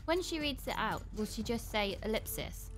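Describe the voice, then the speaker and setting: A woman's voice: a little high, big pitch swings, normal speed. A woman co-hosting a casual livestream, playful and teasing, laughing easily. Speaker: co-host. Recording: faint music behind.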